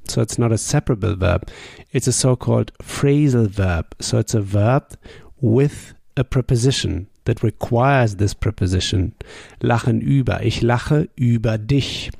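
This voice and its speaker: A man, a native German speaker, teaching a language lesson with patient drills and sample sentences spoken slowly. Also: mid-range voice, vocal fry, dark tone, no echo, studio quality.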